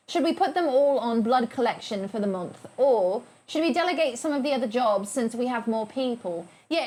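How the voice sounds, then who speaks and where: A young woman streaming live, chatting casually and playfully with her viewers and thanking them by name. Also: on the high side.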